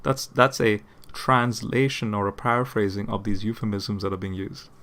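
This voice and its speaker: A man with a somewhat low voice talks through a point in relaxed, explanatory commentary. He restarts phrases and repeats words as he goes, and often stops to ask "okay?" before moving on. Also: normal speed. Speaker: apologetics channel host.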